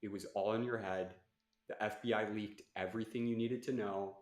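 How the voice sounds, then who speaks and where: A man trolling in a voice-chat debate, talking in a deliberately lowered deadpan voice. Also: roomy sound.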